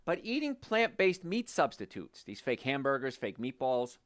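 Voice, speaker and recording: A doctor hosting a health talk show speaks casually at a moderate pace, recorded dry with studio quality. He tells animated stories about his patients, quoting them in a lowered voice.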